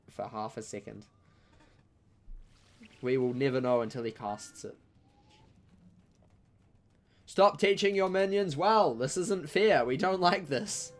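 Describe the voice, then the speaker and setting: A young man, chatting casually through a live-streamed game, joking and breaking into loud outcries. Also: lowish voice. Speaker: gaming streamer.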